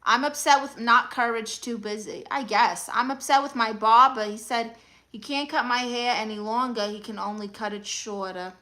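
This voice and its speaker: A woman with a New York accent hosts a comedic livestream as an aunt character, reading viewer comments and answering with dry, deadpan quips. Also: fairly high pitch, normal speed, poor audio. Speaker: livestream host playing an aunt.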